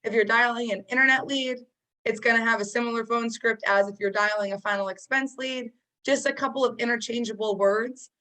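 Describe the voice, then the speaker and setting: A woman's voice: fairly high pitch, steady tone, fairly quick, sharp tone, poor audio. A woman coaching sales agents on a training call, talking casually and encouragingly, with frequent fillers. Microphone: video call.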